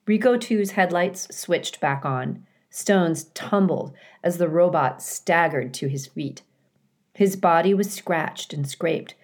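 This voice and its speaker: Slow, low-voiced woman reading aloud. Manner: calm, clear storytelling with occasional dramatic emphasis. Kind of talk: reading a children's novel aloud.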